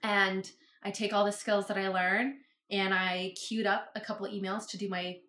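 Woman guest, chatty storyteller, bright tone, recorded in a roomy space. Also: medium pitch, little pitch movement, normal speed, slight background noise. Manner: chatty, lots of likes and fillers. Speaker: podcast guest, business owner. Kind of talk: casual interview storytelling. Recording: roomy echo.

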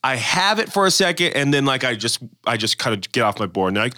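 Thirties male podcast co-host, bright voice, dry close sound, animated storyteller. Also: medium pitch, quick pace, hardly any pauses, no room sound. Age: 30s. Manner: animated storyteller, acts out others' lines. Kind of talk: casual faith chat.

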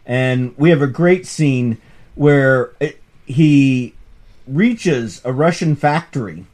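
A man, a professor hosting a comics podcast, talking through a story in an amused, animated way with frequent restarts. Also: mid-range voice, slow pace. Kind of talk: casual lecture chat.

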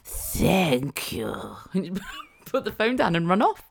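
A middle-aged woman hosting her own podcast, talking casually on her own, with quick asides, rhetorical questions and frequent laughs. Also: medium pitch, lively intonation, slight background noise. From England (Wiltshire). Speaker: podcast host. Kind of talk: casual solo podcast monologue.

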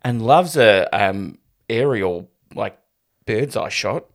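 A man's voice: fairly low pitch, expressive, slow. A man co-hosting a film review podcast, making wry, sarcastic asides. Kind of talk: casual chat.

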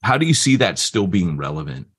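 A man's voice: sits low, sing-song, breathy edge. A man co-hosting a podcast, joking around and steering the casual chat. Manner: joking, quick to laugh, jumps in with quips. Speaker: podcast co-host.

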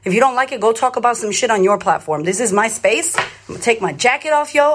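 A thirties-aged Australian woman, a confidence coach, talks live on social media to her followers, her fairly high voice quick, lively, and bright with a breathy edge. She's blunt and emphatic, swearing freely and repeating phrases in a rallying, repetitive cadence.

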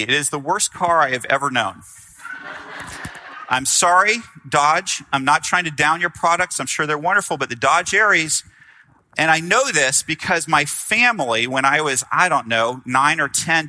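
A man delivering a sermon with a very bright, forceful tone, a little higher-pitched than most men. He preaches conversationally and animatedly, acting out quotes and checking in with his listeners. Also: low-quality recording. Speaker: pastor.

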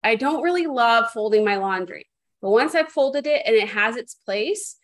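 A woman's voice: a little high, animated, normal speed, fairly bright tone. Reflective woman coaching in conversation. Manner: acts out inner voices in quotes, reflective. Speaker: co-host coaching a therapist.

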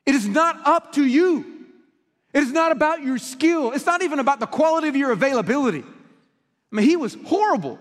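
A man preaching a passionate sermon, swinging between emphatic peaks and hushed lines in a church sanctuary. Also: extremely high pitch, lively intonation, a little fast, long reverb tail. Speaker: pastor.

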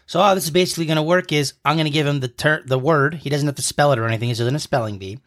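A man's voice: a little high, rapid-fire, fairly bright tone. Playful man hosting a podcast quiz. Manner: playful, explains slang like a mock lesson. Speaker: podcast co-host quizzing his partner. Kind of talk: casual podcast banter. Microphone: podcast mic up close.

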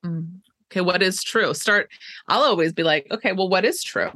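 A woman's voice: fairly low pitch, moderate pace, bright, forceful tone, no room sound. A woman co-hosting a podcast and coaching clients, chatting casually, laughing often and quoting what she tells people. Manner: upbeat, laughs often, quotes herself. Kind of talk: casual chat.

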